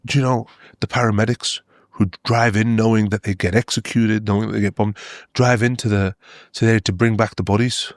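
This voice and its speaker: A man from Australia and the UK talks as a doctor guest on an interview show. He keeps his voice low and flat, telling his stories earnestly. He often restarts and leans on "you know," and the sound is dry and close. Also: brisk, hardly any pauses, dry recording. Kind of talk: interview storytelling.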